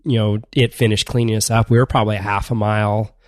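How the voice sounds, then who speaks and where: A middle-aged man, a swim coach guest on a podcast, talking in a relaxed, steady way. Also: on the low side, fast talker, no room sound, studio quality. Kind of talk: casual interview chat.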